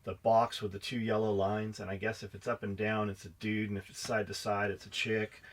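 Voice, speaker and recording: A man's voice: fairly low pitch, little pitch movement, fairly quick. A man co-hosting a casual podcast, swearing freely, teasing his co-host and reading a listener's comment aloud. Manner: crude, joking, reads listener comments aloud.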